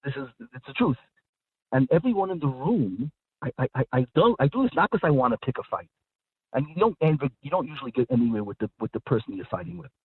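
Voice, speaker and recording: A man's voice: mid-range voice, sing-song, fast, husky, no echo. A man speaking as a guest rabbi in a radio discussion, talking emphatically with frequent repeated words and restarts. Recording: dry, phone-like line.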